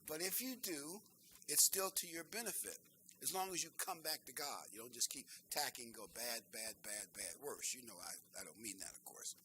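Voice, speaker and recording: An older man preaching a sermon, earnest and emphatic, slowing down to stress key phrases. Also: medium pitch, bright, forceful tone, a little hiss or hum, low-quality recording.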